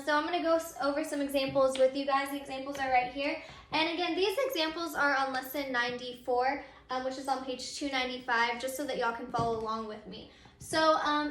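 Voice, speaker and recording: Briskly but patiently, a woman teacher with a bright, high voice takes listeners through spelling rules step by step in a recorded grammar lesson, peppering it with ums. The recording has a spacious, echoey sound.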